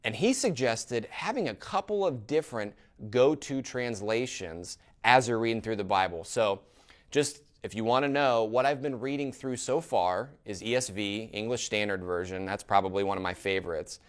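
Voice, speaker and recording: A man preaching a sermon in a church. He is animated, asks the congregation questions and often adds "right?". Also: lowish voice, normal speed. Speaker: pastor.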